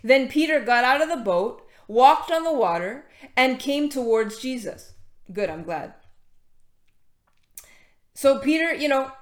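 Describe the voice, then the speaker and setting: Woman giving a laid-back sermon, lots of ums and restarts, kinda high voice, echoey church room. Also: animated, measured pace, pauses often. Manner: conversational, many fillers and restarts, greets latecomers mid-talk. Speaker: preacher. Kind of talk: casual sermon with scripture reading.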